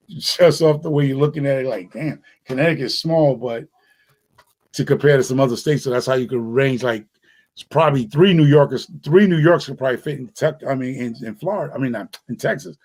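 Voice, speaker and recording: A man's voice: mid-range voice, fairly quick, a little mellow. Laid-back New man chatting. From New York City. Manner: rambling, laid-back, slangy. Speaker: podcast host. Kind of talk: casual chat.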